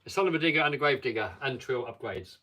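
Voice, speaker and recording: A man's voice: mid-range voice, lively intonation, fast talker, sharp tone, distant mic, slight background noise. A man hosting a casual live stream, chatting and reading viewer comments aloud.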